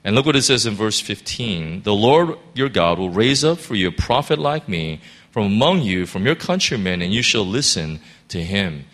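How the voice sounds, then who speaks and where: A man's voice: lowish voice, big pitch swings, moderate pace, a bit bright. A man giving an informal Bible teaching, earnest, reading scripture aloud and often restarting his sentences. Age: adult parent of a school-age child.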